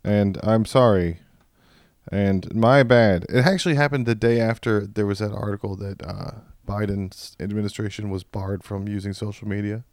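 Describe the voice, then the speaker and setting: A man's voice: lowish voice, fairly even intonation, moderate pace, few pauses, no echo, studio quality. A man co-hosting a comedy podcast, bantering irreverently and laughing often. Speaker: podcast co-host.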